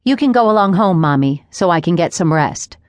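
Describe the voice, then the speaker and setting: A woman doing a smug, spoiled young mother who sounds sure of getting her way. The voice is low, a little raised for her, and dry, close to the mic. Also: lively intonation, fairly quick, dry recording, natural voice. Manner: smug and self-satisfied.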